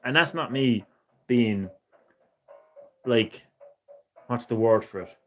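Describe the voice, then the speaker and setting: A man talks casually to his stream viewers, ranting and swearing freely. His voice sits at an ordinary pitch. Faint music plays behind him. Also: slow. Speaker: gaming streamer. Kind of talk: casual live-stream chat.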